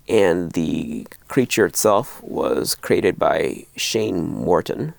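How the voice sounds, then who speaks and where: A middle-aged man hosting a horror video, talking casually to camera in a rambling, animated way with lots of restarts. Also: low-pitched, gravelly.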